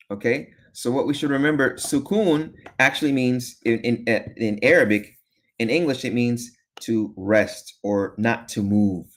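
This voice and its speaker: A man teaching a beginner lesson, patient, repeating each sound slowly and checking in with "okay?" often. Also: mid-range voice. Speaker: Arabic teacher.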